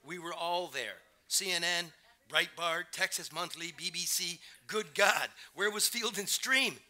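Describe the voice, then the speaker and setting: Brash, bright-voiced male author reading. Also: high-pitched. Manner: brash, profane, rapid-fire storytelling. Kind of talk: live reading and talk. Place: festival stage before an audience.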